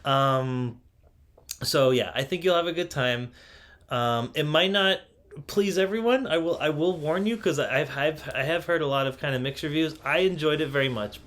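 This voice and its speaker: A man co-hosting a casual podcast talks loosely, leaning on fillers and laughing easily. His voice sits a little higher than most men's. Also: fairly bright tone. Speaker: podcast co-host. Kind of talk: casual chat.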